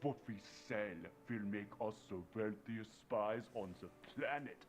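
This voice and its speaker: A man's voice: fairly low pitch, measured pace, soft background music, close to an everyday voice. An actor playing a cold, smug male spy in a mystery video game. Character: menacing male spy plotting profit, adult.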